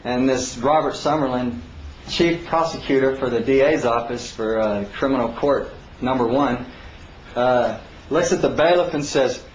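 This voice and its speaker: Guy telling a court story, mid pitch, roomy room, dull lo-fi sound with a bit of hiss. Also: moderate pace. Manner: animated retelling, acting out others in raised voices. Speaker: storyteller recounting his court case. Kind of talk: casual spoken anecdote.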